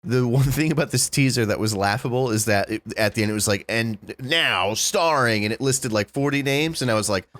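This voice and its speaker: A man's voice: medium pitch, fast talker, hardly any pauses, no echo. A man co-hosting a podcast, blunt and wry in casual chat, swearing. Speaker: podcast co-host.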